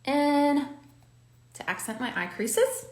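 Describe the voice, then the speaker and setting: A woman's voice: high voice, sing-song, slow pace, echoey room. A woman hosting a makeup tutorial, chatting and coaching the viewer while she does her own makeup. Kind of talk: talking while doing her makeup on camera.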